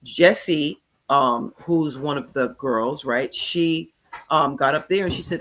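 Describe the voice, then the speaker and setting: A woman's voice: very deep voice, unhurried, a bit bright, a little hiss or hum. A woman hosting a casual commentary show, recapping events in a chatty way and often checking in with her viewers. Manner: chatty, recounts quotes, frequent "okay?" checks. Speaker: commentary channel host. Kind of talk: casual live commentary on a court case.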